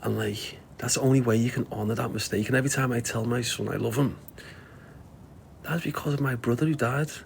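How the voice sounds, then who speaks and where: Middle-aged Scouse man, livestream host, gravelly and mid-pitched, blunt and preachy, faint hiss behind. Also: fairly even intonation, brisk. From Liverpool, England. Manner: blunt, sweary, preachy life advice. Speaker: live stream host answering viewer comments. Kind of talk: casual livestream talk.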